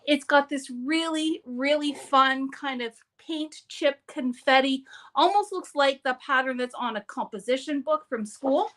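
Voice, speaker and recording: A woman's voice: high-pitched, measured pace, a bit bright. A woman hosting a live papercraft demonstration, talking in a chatty, upbeat way and often breaking off mid-sentence. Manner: chatty, upbeat, self-interrupting.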